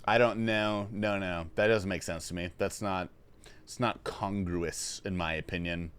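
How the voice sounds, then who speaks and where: A man's voice: sits low, steady tone, a little slow, a bit bright, clear, resonant tone. A man thinking aloud on a casual livestream while solving a word puzzle, swearing when frustrated.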